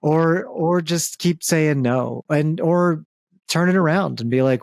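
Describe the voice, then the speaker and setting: A man's voice: fairly high pitch, slow, creaky, darkish tone, no echo. A young man hosting a comedic podcast, chatting casually with loose jokes, fillers and the odd curse. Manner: joking, loose, frequent fillers and profanity. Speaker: podcast host.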